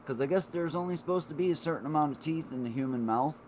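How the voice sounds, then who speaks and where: This forties-aged man talks to his chat on a live stream, wandering from topic to topic and cursing freely. His voice is a little high and darkish, his pace fast, and there's a bit of hiss or hum.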